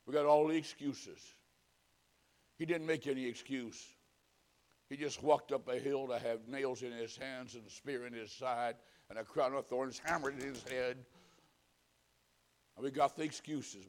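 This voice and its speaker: A man preaching a sermon, telling folksy stories and swinging from loud punchlines to hushed pleading. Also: medium pitch, fairly even intonation, moderate pace, long pauses. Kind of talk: humorous sermon.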